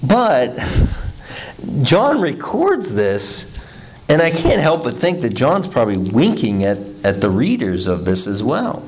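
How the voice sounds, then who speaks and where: A man, a pastor, preaching a sermon, swinging between quiet low stretches and emphatic high ones, often repeating his first words. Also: huge pitch swings, slow pace. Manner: repeats words when starting phrases.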